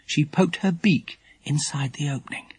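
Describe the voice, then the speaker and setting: A man narrating a children's audiobook in a lively, expressive storytelling manner. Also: fairly high pitch, moderate pace, slightly rough, no room sound.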